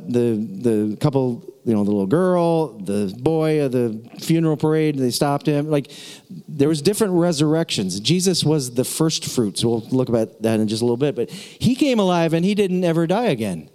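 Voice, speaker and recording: A man preaching a sermon as a pastor, excitable and jokey, breaking into laughs and conversational asides. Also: a little high, moderate pace, big-room sound.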